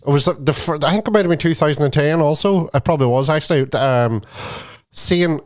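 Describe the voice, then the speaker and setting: A man co-hosting a podcast in casual chat, telling a story in short, halting phrases. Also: a little high. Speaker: podcast co-host.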